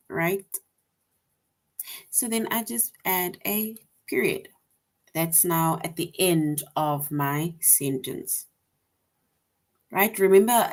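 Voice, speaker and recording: A woman teaching a grammar lesson to young children, patient and repetitive, often checking with "right?". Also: medium pitch.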